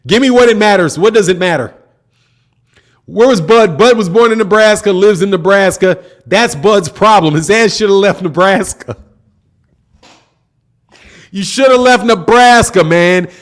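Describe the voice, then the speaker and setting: A man's voice: high-pitched, a little slow, long pauses. A man hosting a boxing channel, chatting casually on a livestream with lots of slang and frequent laughter. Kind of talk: casual livestream chat reading comments.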